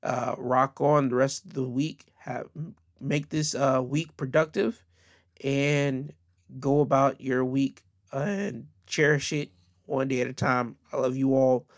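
An upbeat man hosting a solo podcast, talking close to the mic with many fillers as he rambles. His voice sits at a middle pitch, and the sound is dry with no room echo. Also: fairly even intonation, takes it slowly. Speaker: podcast host.

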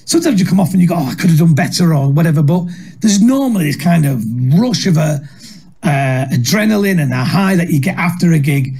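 A middle-aged man with a Manchester-area Northern English accent tells stories from his career. His voice sits high and sounds slightly husky, and it swings widely in pitch. He mocks himself and laughs through his anecdotes. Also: brisk. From England. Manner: lively, self-mocking, laughs through stories. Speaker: comedian guest. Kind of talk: anecdotal storytelling.

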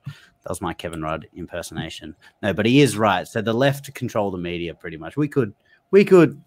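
A man's voice: low-pitched, sing-song, fairly quick, a little mellow. Man hosting with joking blunt questions. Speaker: podcast host. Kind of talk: casual interview.

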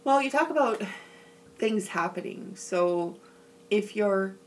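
A woman's voice: medium pitch, lively intonation, slow, far from the mic, a little hiss or hum, poor audio. A woman co-hosting a podcast, talking earnestly and emphatically about her family and a past relationship. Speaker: podcast co-host. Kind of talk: candid personal conversation.

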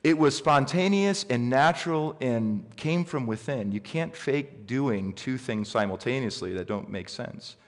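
A middle-aged man preaching a sermon, telling stories with lively swings in pitch and pace. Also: unhurried, few pauses. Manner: animated storyteller with big pitch swings. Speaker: pastor. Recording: reverberant hall.

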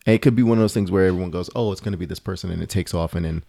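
A man's voice: low-pitched, racing, vocal fry, mellow, dry recording. A man co-hosting a podcast in a casual, opinionated chat, rambling with lots of fillers. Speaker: podcast co-host.

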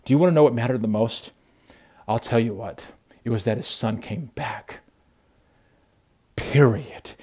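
A man preaching a sermon as pastor, animated storytelling with frequent restarts. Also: mid-range voice, measured pace, long pauses.

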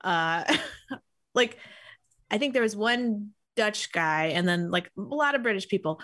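A woman's voice: mid-range voice, animated, a little slow, fairly bright tone, no echo, clean studio sound. A woman co-hosting a casual movie podcast, chatty, laughing often, with lots of ums. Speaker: podcast co-host. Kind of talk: casual movie-review chat.

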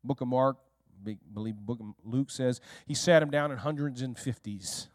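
A male pastor preaching a lively sermon, often asking his congregation questions and speaking to people in the room. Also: medium pitch, moderate pace, dry recording, studio quality. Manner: speaks directly to listeners in the room.

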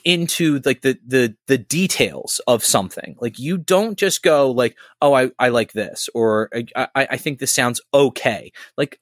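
Rambling, animated man chatting casually. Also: medium pitch, dry recording, clean studio sound. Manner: rambling, animated, swears freely. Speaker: former podcast co-host. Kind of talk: casual chat.

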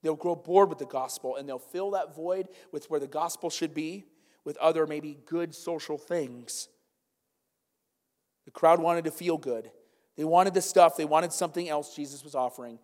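A male pastor preaching a sermon, swinging from loud, urgent calls to hushed intensity. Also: on the high side, moderate pace. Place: church sanctuary. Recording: long church reverb with faint music.

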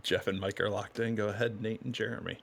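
A man hosting a casual trivia podcast, reading questions in a relaxed, plain way. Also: lowish voice, fast talker, vocal fry, slight background noise. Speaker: quiz host.

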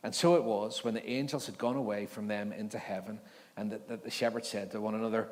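A man's voice: mid-range voice, fairly even intonation, quick pace. A male pastor preaching at an evening church service, mixing scripture reading with jokey, conversational asides. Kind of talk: sermon with Bible reading. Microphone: handheld or stage mic with feedback. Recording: long hall reverb.

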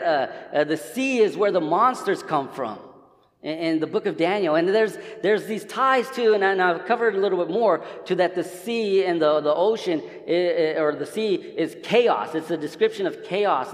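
A man's voice: sits high, in a large hall. A man preaching a sermon in a church, casual and conversational, often restarting his sentences. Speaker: pastor. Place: church sanctuary.

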